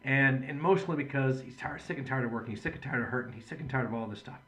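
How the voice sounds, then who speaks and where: A man's voice: medium pitch, fast talker, pushed and bright. Earnest man explaining to patients. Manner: earnest, conversational storytelling. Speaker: chiropractor. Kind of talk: patient education video talk.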